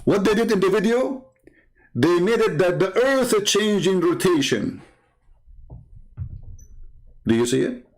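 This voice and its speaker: A man's voice: sits high, big pitch swings, unhurried, pauses often. A man hosting an online show, commenting on a clip with a mocking, sarcastic manner and broken English.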